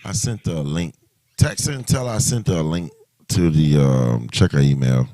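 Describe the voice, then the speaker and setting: A man's voice: extremely low pitch, expressive, normal speed, dark tone, no room sound, studio quality. A man hosting a casual livestream chat, talking loosely and rambling with many restarts. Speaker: livestream host.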